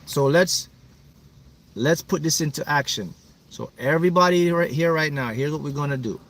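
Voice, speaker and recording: A manifesting coach hosts a motivational livestream in a slightly high, a bit bright voice at a moderate pace. He speaks emphatically and repeats himself to pump up his viewers.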